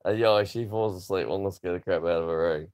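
A man's voice: deep voice, quick pace, darkish tone, clear, resonant tone. A man in his thirties, chatting casually to camera in a rambling way, swearing freely. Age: 30s. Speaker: vlogger.

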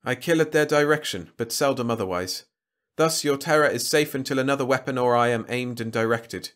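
A man's voice: medium pitch, brisk, a bit bright, close to an everyday voice. A man voicing a grandiose, contemptuous ancient alien weapon in a storybook reading, speaking with lofty, pompous declamation. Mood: haughty.

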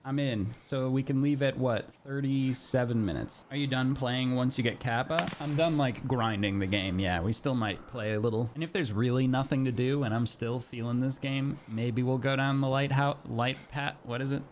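A young man streaming a game live, talking to his chat in a nervous, excitable way. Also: medium pitch, normal speed, hardly any pauses, a little hiss or hum.

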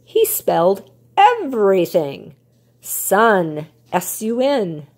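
An older woman reads a children's picture book aloud, her voice rising and falling with lively storytelling expression. There is a soft, slightly husky breathiness to her tone. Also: mid-range voice, slow pace. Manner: warm, expressive storytelling cadence.

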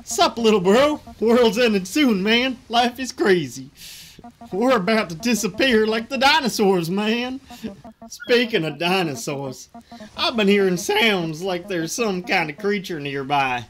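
A streamer voicing a laid-back young surfer bro in a game, loud and drawling with slang. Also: medium pitch, lively intonation, measured pace, voice pushed up. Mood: hyped.

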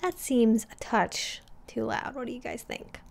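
A woman's voice: a little high, a little slow, vocal fry. A woman in her twenties chatting casually as a livestream host, reading viewer comments aloud and greeting them by name.

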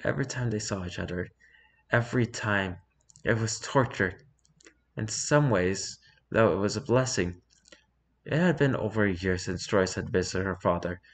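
Calm, low-voiced man reading a story. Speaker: narrator.

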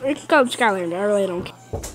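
A woman giving casual gameplay commentary, excitable, often yelling and taunting at the game. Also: medium pitch, fast talker, poor audio. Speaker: gaming video host.

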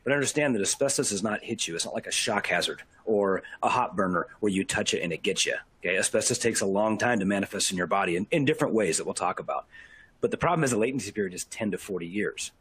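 Husky lowish guy walking folks through a safety talk, keeps asking okay?. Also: animated, fast talker, fairly bright tone, no room sound. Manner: explains and warns the audience, many "okay?" checks. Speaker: asbestos safety presenter. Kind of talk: casual presentation.

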